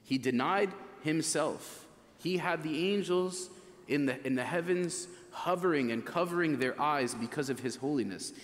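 A man in his thirties preaching a sermon as a priest, telling stories with lively, acted-out quotes. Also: on the high side. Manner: animated storytelling, acts out voices in quotes. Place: church. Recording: long reverb of a church hall.

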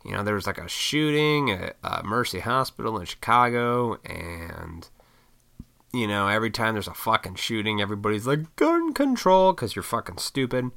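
A man from Illinois ranting in a casual solo monologue, blunt and profane, with mocking high-pitched put-on voices. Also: animated, moderate pace, vocal fry, bright, forceful tone. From Illinois, USA. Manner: works in restaurants.

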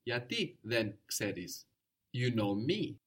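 A man teaching a spoken language lesson, patient and encouraging, explaining slowly and repeating words. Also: medium pitch, very animated, fairly bright tone, slightly rough.

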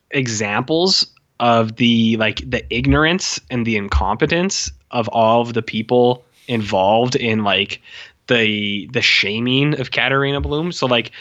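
A man talks through a film in loose, casual chat, full of fillers and quick impressions of the characters. His voice is bright and forward. The recording is slightly dull and lo-fi. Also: mid-range voice. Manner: rambling, many fillers, animated quoting of characters.

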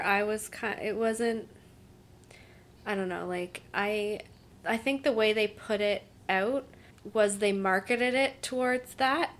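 A young woman in casual chat with friends, talking fast with many "like"s and acting out what people said. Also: mid-range voice, a little hiss or hum. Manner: chatty, lots of "like", acts out quotes.

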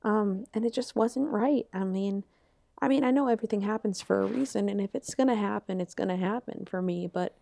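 A woman's voice: medium pitch, fairly quick, creaky, mellow, no echo. A young woman co-hosting a podcast, telling a personal story in a rambling, emotional way with many restarts. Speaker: podcast co-host. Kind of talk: casual chat, storytelling.

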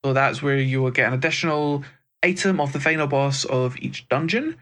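A man's voice: mid-range voice, fairly quick, fairly bright tone. A man with a Scottish accent co-hosting a gaming podcast, chatting casually and rambling a little. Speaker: podcast co-host.

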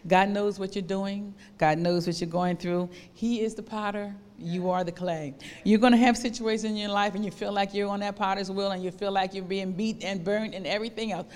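Woman preacher, passionate and emphatic, mid-pitched, in a church hall with a long reverb. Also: steady tone, fairly quick, darkish tone. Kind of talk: sermon.

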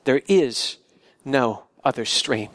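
Pastor reading a solemn storybook lion: deep, unhurried, stern. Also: male voice, lively intonation, no room sound. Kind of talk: reading a storybook aloud in a sermon.

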